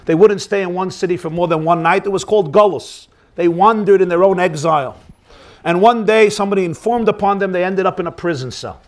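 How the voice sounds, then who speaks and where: A rabbi telling a story as a sermon, animated, with his voice rising high for the acted quotes. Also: fairly quick.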